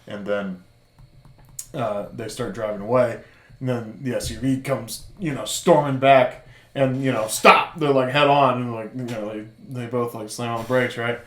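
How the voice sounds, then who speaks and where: A man co-hosting a podcast, recapping a TV series in loose casual chat full of fillers and quick laughs. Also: medium pitch, steady tone. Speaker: podcast co-host. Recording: roomy echo.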